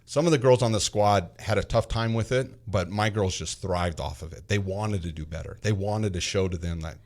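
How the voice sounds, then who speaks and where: A middle-aged man in casual podcast chat, an animated storyteller who often repeats words as he starts a sentence. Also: low-pitched, moderate pace, hardly any pauses. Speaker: podcast guest.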